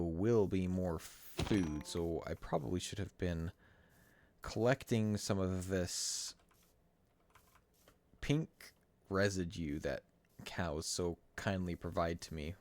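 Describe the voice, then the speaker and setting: A man's voice: low voice, slow, darkish tone. A man streaming a game, talking through his moves in a rambling, wry, self-correcting way at his desk microphone. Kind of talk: casual gameplay commentary.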